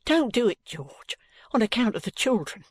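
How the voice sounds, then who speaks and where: A man's voice: very high voice, sing-song, normal speed, slightly rough, no echo, voice pushed up, full character voice. A man reading an audiobook, voicing a middle-aged soldier's wife who scolds with emphasis and near tears. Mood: reproachful. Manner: emphatic, reproachful, tearful. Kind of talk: audiobook character voice.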